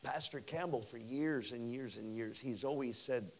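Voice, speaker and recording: A man preaching a revival sermon as pastor, animated and conversational, swinging between loud bursts and hushed lines with many repeats. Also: mid-range voice, moderate pace, slight background noise. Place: church service.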